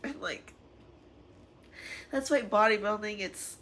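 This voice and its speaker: A woman's voice: medium pitch, slow, pushed and bright. Emotional young woman vlogging candidly. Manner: emotional, tearful at times, laughing through it; rambling with frequent fillers. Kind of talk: candid personal vlog.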